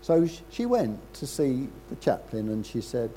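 An older man preaching a sermon in a conversational way, with rhetorical questions and frequent throat-clearing. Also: mid-range voice, sing-song, normal speed, warm tone, a little hiss or hum.

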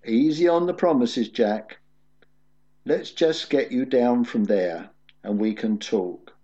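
A man voicing God in a sermon story, speaking calmly and reassuringly. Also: mid-range voice, takes it slowly, close to an everyday voice. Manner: calm and reassuring. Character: calm all-knowing voice of God. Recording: dull lo-fi recording.

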